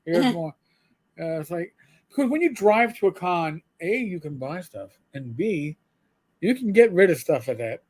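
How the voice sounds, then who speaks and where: A middle-aged man with a high voice rambles casually as co-host of a live show. He trips over his words, restarting sentences, and keeps the chat loose and friendly. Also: very animated, moderate pace, darkish tone. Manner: rambling, stammering restarts, chatty.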